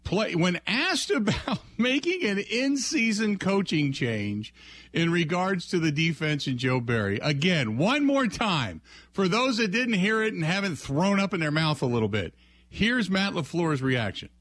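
High animated Midwestern sports radio man. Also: a little slow. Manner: mocking, exasperated, acts out silly scenes. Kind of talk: ranting sports talk with comic bits.

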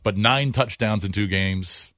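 A man's voice: fairly low pitch, measured pace, a bit bright, no echo, studio quality. A man in a casual sports chat, thinking aloud through player statistics.

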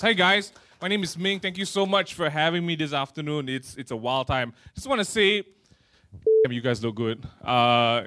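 Young Malaysian comic, casual stand-up delivery, chatty and self-deprecating, a touch higher-pitched than most men. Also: male voice, fairly bright tone. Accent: Malaysian English. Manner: chatty, self-mocking, playful impressions. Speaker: stand-up comedian. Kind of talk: stand-up comedy set. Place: office meeting hall.

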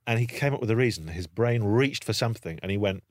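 A British man with a fairly low voice tells an anecdote in relaxed conversation. He is animated and slips into other people's voices as he goes. The sound is dry and close, with no room around it. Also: fast talker, no echo. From Britain. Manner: animated storytelling, acting out voices. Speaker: guest storyteller. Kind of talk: casual anecdote on a podcast.

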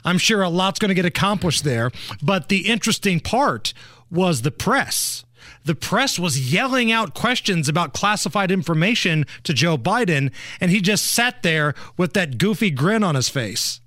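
A man's voice: sits high, very animated, normal speed, bright, forceful tone, no echo, clean studio sound. A man hosting a political talk show, laying out the story and firing off pointed rhetorical questions. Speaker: host.

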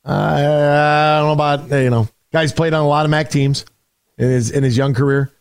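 A man's voice: a little high, steady tone, normal speed, clean tone, no room sound, studio quality. A man hosting a sports radio show in a casual, emphatic style, often restarting his sentences. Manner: conversational, emphatic, frequent restarts.

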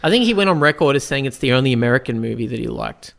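A man's voice: mid-range voice, animated, very fast, gravelly, a bit bright. A man co-hosting a casual film chat, playful and profane. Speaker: podcast co-host.

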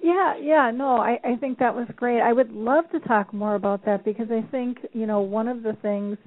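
A woman's voice: a little high, moderate pace. Woman host on a phone line. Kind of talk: conversational interview over the phone.

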